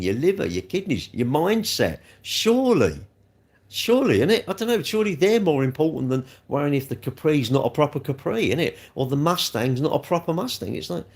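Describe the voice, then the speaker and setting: A man's voice: fairly high pitch, a little mellow. Exasperated man ranting on a livestream. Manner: exasperated, rambling, rhetorical questions. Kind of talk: casual livestream rant.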